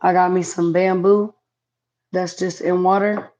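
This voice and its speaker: A woman's voice: lowish voice, level tone, unhurried, dark tone, a little hiss or hum, rough recording. A woman chatting casually to viewers on a home livestream, reading comments aloud. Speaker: livestream host. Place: home, indoors.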